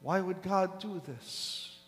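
A man preaching a sermon as pastor, slow and deliberate, leaning hard on key words. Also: high-pitched. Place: large church sanctuary. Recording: long echo of a church hall.

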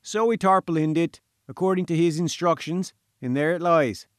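Storybook role: man playing a gloomy, jumpy engineer, pitched high and pushed loud, blunt and grumbling, dry sound. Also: moderate pace, no room sound, lightly acted. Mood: uneasy. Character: gloomy, jittery male chief engineer underground.

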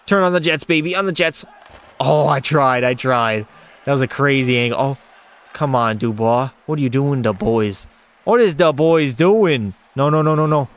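A man's voice: mid-range voice, moderate pace. A man streaming a hockey video game, calling the plays and chatting with his viewers. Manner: excitable play-by-play, talks to chat. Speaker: gaming streamer. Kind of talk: live gameplay commentary. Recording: faint music behind the voice.

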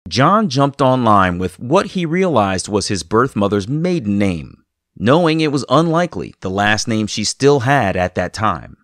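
A man hosts a podcast and narrates a guest's story in measured, scripted passages. His pitch moves lively up and down. The recording is dry and close to the mic. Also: no room sound. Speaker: podcast host.

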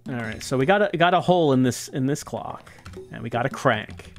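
A man's voice: mid-range voice, expressive, a little fast, soft background music. A man streaming a video game, thinking aloud and musing hesitantly as he plays. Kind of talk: casual let's-play commentary.

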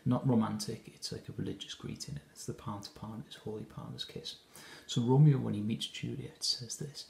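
A man's voice: medium pitch, fairly even intonation, normal speed, creaky, a little mellow, reverberant. A man teaching a lesson, walking through a scene of a play in an explanatory way with frequent hesitations and restarts. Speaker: English teacher.

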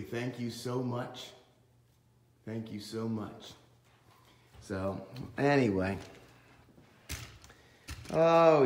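With a medium-pitched, slightly mellow voice, a pastor from small-town Pennsylvania, USA, jokes and teases himself in a casual walk-and-talk vlog. He carries a handheld camera from the church grounds outside into the sanctuary. There's a little hiss or hum in the recording.

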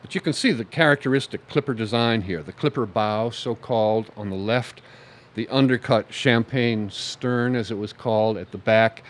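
A man giving a conversational history lecture to an audience, pointing at slides and stressing key words. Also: fairly low pitch.

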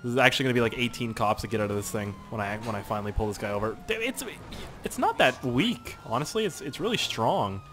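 A young man giving casual, excitable gameplay commentary, swearing and laughing as he plays. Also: medium pitch, fast, few pauses, over music. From Canada. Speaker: gaming YouTuber.

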